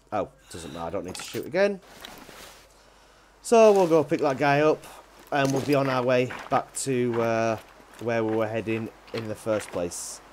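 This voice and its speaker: Low-voiced man narrating gameplay. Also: lively intonation, moderate pace, a little mellow, a little hiss or hum. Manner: rambling, hesitant, lots of ums and uhs. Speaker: gaming channel host. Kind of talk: casual gameplay commentary.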